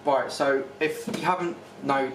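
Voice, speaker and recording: In an echoey space with a little background noise, a young vlogger talks through a casual family video, restarting sentences and leaning on fillers. His voice is medium in pitch, fairly even in intonation, and never rushed.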